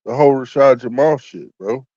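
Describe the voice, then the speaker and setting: A man's voice: medium pitch, moderate pace, dark tone, dry recording, lo-fi sound. A man in crude, joking casual chat, co-hosting a podcast. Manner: profane, joking, loose. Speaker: podcast co-host.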